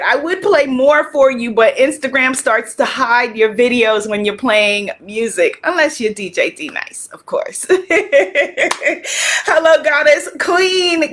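A middle-aged woman hosting a spiritual live stream, energetic and upbeat, then soft and prayerful, talking into a phone or webcam. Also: fairly high pitch. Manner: energetic and upbeat, turning soft and hushed for meditation.

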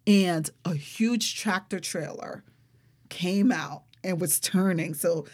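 Animated woman telling a personal story. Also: fairly low pitch, slow pace, breathy edge. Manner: animated, expressive, frequent fillers like "like". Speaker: interview guest.

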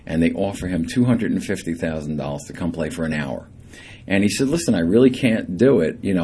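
A middle-aged man, a singer guest on a radio show, telling lively anecdotes and acting out the people in them. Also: deep voice, a little hiss or hum.

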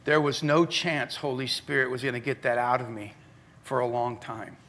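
A middle-aged male pastor preaching a sermon, telling stories in a conversational way that moves from animated to hushed. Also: medium pitch, normal speed, a little hiss or hum.

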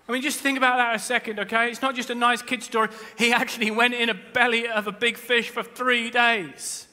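Bright high-voiced preacher in a reverberant hall. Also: male voice, fairly quick, few pauses. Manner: animated preaching, swings from quiet to shouting; humorous asides. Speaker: pastor. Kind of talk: sermon. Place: large church hall. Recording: long reverb of a church hall.

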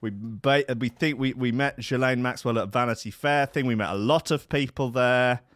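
A man doing an impression of a famous woman in a high, breathy falsetto, drowsy and polite. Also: moderate pace, fairly bright tone, dry recording, clean studio sound, natural voice. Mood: prim.

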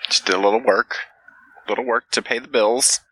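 A man's voice: medium pitch, steady tone, moderate pace, sharp tone, husky, rough recording. A man hosting a casual podcast chat, joking, teasing and swearing freely. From California. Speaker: podcast host.

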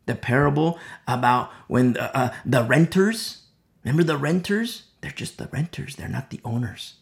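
A man's voice: mid-range voice, normal speed, vocal fry. A man giving a conversational verse-by-verse sermon as a Bible teacher. He is emphatic, repeats key phrases and drops many "you know" asides.

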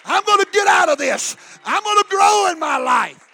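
A male pastor preaching a fiery sermon, shouting and then dropping to quiet. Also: extremely high pitch, animated, moderate pace, vocal fry, some chatter behind. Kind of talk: Pentecostal sermon.

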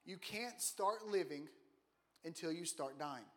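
High-voiced man preaching casually. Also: expressive, a little slow. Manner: joking, asks the congregation questions. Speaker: guest preacher. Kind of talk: casual conversational sermon. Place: church auditorium.

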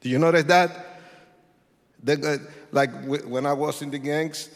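A man telling his testimony like a sermon, acting out voices and rising to shouts. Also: a little high, a little slow, vocal fry. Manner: animated, acts out voices, swings to shouts. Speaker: testimony speaker. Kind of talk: preached testimony storytelling. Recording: long hall reverb.

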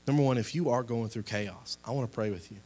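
A man's voice: medium pitch, fast talker, a little mellow. A young man preaching a sermon and leading a closing prayer, impassioned, swelling and dropping in volume with repeated exhortations. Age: young adult. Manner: impassioned, rising and falling in volume, repetitive exhortations.

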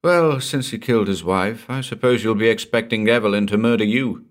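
A man reading a brash, skeptical male collector in an audiobook, firing sharp, incredulous retorts. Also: medium pitch, very animated, a little slow, pitched above the performer's own voice.

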